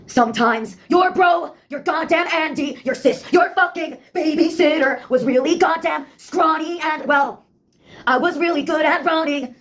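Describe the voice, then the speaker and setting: A woman's voice: high-pitched, normal speed. A woman delivering a rambling spoken-word monologue, blunt and full of swearing.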